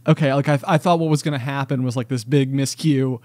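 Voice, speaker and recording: A man's voice: mid-range voice, steady tone, quick pace, a little mellow, no room sound. A man co-hosting a podcast who chats casually and rambles, full of likes and ums. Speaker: podcast co-host. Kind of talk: casual chat.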